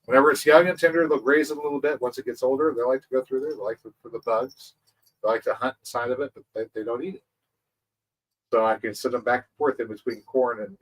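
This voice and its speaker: A man's voice: fairly low pitch, slightly rough, distant mic, poor audio. A man hosting a farming channel, explaining his methods in a rambling casual way, repeating words and chuckling. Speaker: agroforestry channel host.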